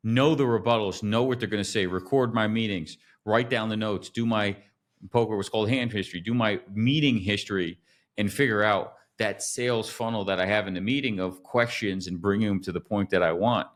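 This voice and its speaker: A man hosting a business podcast, telling stories in an animated way and acting out quotes. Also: on the low side, brisk. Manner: animated storyteller, acts out quotes. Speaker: podcast host. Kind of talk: casual storytelling chat.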